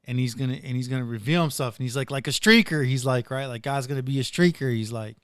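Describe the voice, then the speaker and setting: A man's voice: mid-range voice, fast talker, fairly bright tone, smooth, dry recording, studio quality. A man hosting a casual podcast, rambling through retold stories with plenty of "dude" and "like". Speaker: podcast host.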